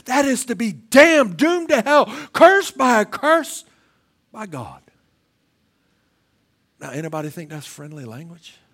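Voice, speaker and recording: A male pastor preaching a sermon in church, shifting between loud emphatic passages and slow, quiet questions, often repeating words as he starts a phrase. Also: sits high, sing-song.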